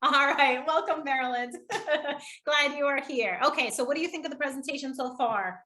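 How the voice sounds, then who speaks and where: A woman's voice: sits high, normal speed, bright, forceful tone. A woman leading a live online public speaking workshop, upbeat and encouraging, laughing often with participants. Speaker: public speaking trainer hosting a webinar.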